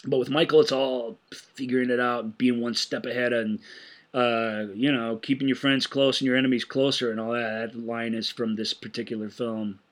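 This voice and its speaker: A man co-hosting a film podcast, retelling movie scenes in an animated way and laughing often. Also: mid-range voice, moderate pace. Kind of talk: casual film discussion.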